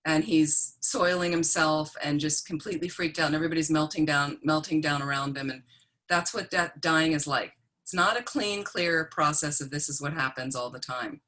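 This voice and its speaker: A woman's voice: on the low side, a bit bright. A woman, a Buddhist nun, giving a plain-spoken teaching talk on death and dying, often checking in with her listeners.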